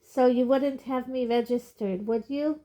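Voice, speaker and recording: A woman's voice: high-pitched, a little slow, mellow, pitched above the performer's own voice. A woman reading aloud, voicing a nervous, flustered elderly woman with a quavery voice who gabbles her words.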